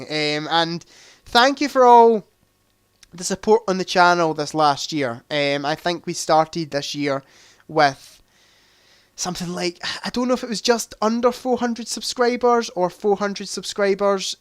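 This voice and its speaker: A man's voice: high-pitched, fairly bright tone, smooth, no echo, clean studio sound. A young man hosting a casual livestream quiz, chatty, reading out answer options and adding joking asides. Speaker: livestream host.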